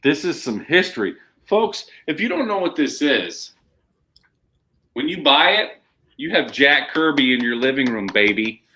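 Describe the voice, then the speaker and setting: A man co-hosting a live shopping show, pitching comic books with hyped, emphatic salesman patter. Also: sing-song, a little slow, sharp tone. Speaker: co-host selling comics.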